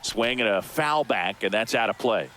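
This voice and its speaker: A man voicing an excitable baseball play-by-play announcer. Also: normal speed, close to an everyday voice. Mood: lively. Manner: crisp, excitable calls of each pitch. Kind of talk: scripted video game commentary. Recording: game audio with background noise.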